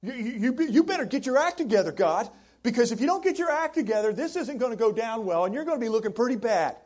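Preacher acting out Joshua, loud and exasperated. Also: male voice, extremely high pitch, very animated, quick pace, voice pushed up, full character voice. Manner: loud, exasperated, stammering complaint. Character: distraught man pleading angrily with God. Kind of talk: sermon.

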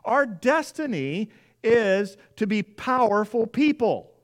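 High-voiced man preaching a conversational sermon. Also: very animated, slow. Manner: conversational preaching with repeated phrases and playful acted-out asides. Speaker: pastor. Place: church sanctuary.

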